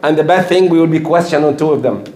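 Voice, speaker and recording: Older male preacher, high-pitched, emphatic and repetitive, roomy echo. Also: fast, a little mellow. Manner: earnest, repetitive, emphatic, with slips. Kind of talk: sermon. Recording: echoey room.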